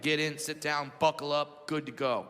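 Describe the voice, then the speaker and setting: A man's voice: fairly high pitch, fairly even intonation, normal speed. A man in his thirties performing a brash stand-up comedy set on stage, acting out the voices in his stories. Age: 30s. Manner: brash storytelling, acts out voices. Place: comedy stage before a live audience. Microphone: handheld stage mic. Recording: reverberant venue with loud crowd noise.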